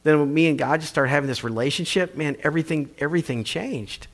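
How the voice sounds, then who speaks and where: A man's voice: on the high side, quick pace, fairly bright tone. A man preaching a sermon, telling a personal story in a conversational, emphatic way. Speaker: pastor.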